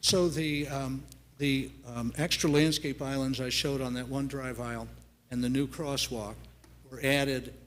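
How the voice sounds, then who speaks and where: A man speaking for a development applicant at a city planning meeting, calm and accommodating. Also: medium pitch. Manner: measured, accommodating. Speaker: applicant's representative. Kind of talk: public meeting presentation. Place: city council chamber.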